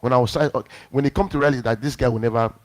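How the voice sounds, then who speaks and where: A male pastor speaks very fast in a medium-pitched voice as he preaches a sermon. He tells a personal story with animation, acting out the lines of the people in it.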